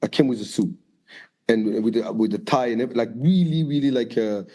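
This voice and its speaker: Mellow-voiced man telling lively stories. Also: mid-range voice, a little fast. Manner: lively storyteller, acts out quoted voices, swears freely. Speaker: guest dancer and choreographer. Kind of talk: storytelling interview.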